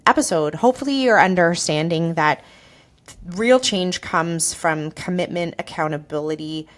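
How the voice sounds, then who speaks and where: An earnest woman with a somewhat low-pitched voice hosts a solo podcast as a naturopathic doctor. She talks conversationally, often asking "right?" as she goes. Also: a bit bright.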